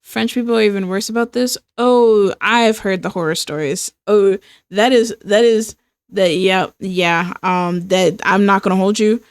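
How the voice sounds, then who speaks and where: Young female streamer, casual drawing chat, slow filler-heavy delivery, dry mic. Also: medium pitch, steady tone, smooth, no echo. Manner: rambling, filler-heavy, breaks into laughter. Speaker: streamer and illustrator.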